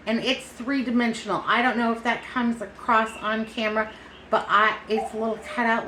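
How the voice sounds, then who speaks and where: A woman's voice: a little high, fairly bright tone, reverberant, a little hiss or hum, low-quality recording. A middle-aged woman from the chatting casually to camera, affectionate and folksy, feeling a bit foggy and unsteady. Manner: chatty, affectionate, calls people honey and baby. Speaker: vlogger.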